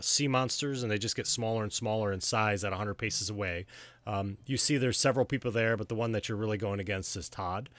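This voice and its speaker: A man narrates a tabletop session as game master, relaxed and rambling with frequent fillers. His voice sits a little low but sounds bright and forward. The room is dry, with no echo. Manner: easygoing, many fillers and restarts.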